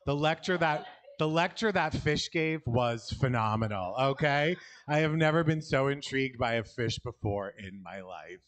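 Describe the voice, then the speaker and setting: A stand-up comic with a New York accent runs through a loose, rambling set full of self-deprecating asides at an outdoor alley show. His mid-range voice is a bit bright and moves at normal speed.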